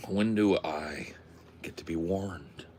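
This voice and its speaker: A male podcast host chatting casually, crude and joking, with an animated delivery. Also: low-pitched, slow pace, noisy background.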